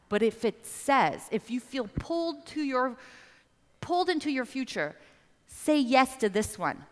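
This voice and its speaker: A woman business coach giving a motivational seminar talk, animated and addressing the audience directly. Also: a little high. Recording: reverberant hall.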